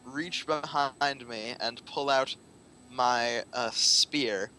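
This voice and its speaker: A man playing a tabletop game, describing his character's moves in a halting, joking way with lots of fillers. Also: medium pitch, pushed and bright, a little hiss or hum, poor audio. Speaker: player. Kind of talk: casual tabletop game chat.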